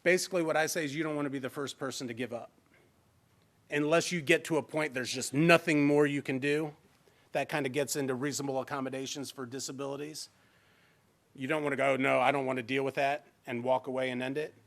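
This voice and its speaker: A fast-talking man with a mid-range, steady voice runs a fair housing training workshop, lecturing in a conversational, informal way through a handheld mic in a training room.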